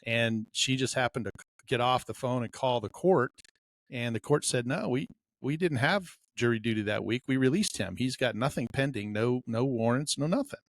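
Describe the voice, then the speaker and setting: On a podcast, a male co-host with a middle-pitched voice tells a story at a moderate pace in a relaxed, chatty manner, acting out the voices of the people he quotes. The recording is dry and close, without room echo.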